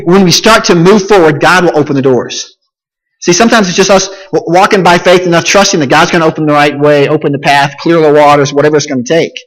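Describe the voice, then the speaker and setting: Man preaching in a lively, reverberant hall. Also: sits high. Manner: retells the story in lively everyday words, repeating key phrases. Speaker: pastor. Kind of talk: sermon.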